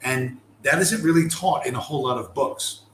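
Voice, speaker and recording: A man's voice: mid-range voice, moderate pace, a bit bright, reverberant, slight background noise, low-quality recording. Swearing, contemptuous man ranting. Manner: aggressive, contemptuous, swears heavily. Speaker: commentator. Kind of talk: profane ranting monologue.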